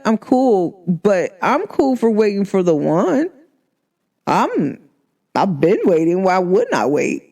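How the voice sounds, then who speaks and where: A woman speaking straight to her audience in a relaxed vlog chat. She is candid and emphatic, leaning on slang and repeating herself to drive a point home. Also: mid-range voice, a little slow. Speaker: vlogger.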